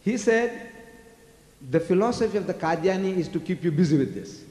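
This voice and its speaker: Older man, from South Africa, public lecturer, emphatic rhetorical questions, fairly high mellow voice, long hall echo. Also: animated, a little fast. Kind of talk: lecture with audience Q&A. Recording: echoey hall.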